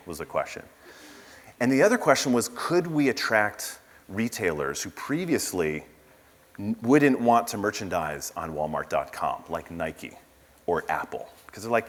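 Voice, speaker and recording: A man's voice: lowish voice, very animated, normal speed. Man giving a casual keynote in a hall. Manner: casual storytelling with asides and fillers. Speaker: conference speaker. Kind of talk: conference keynote talk. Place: large conference hall. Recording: reverberant conference hall.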